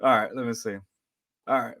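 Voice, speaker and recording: A man hosting a casual sports fan podcast, excitable and rambling with lots of fillers. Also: mid-range voice, fairly quick. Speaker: podcast host.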